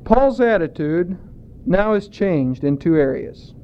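Slow, high-voiced preaching man. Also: expressive, dull audio, slight background noise. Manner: deliberate preaching with stretched emphatic words. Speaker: pastor. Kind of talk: sermon.

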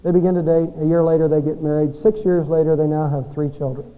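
A high-voiced man preaches with strong rises and soft, hushed drops at the ends of his phrases. The recording is a little dull and lo-fi. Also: steady tone, fast talker. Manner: dynamic preaching, swinging between loud peaks and hushed endings. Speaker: pastor. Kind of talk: Christmas sermon with storytelling.

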